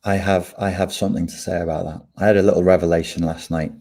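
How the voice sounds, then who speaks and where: A man's voice: low voice, fairly even intonation, quick pace, warm tone. A man in casual podcast conversation, wry and opinionated. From England.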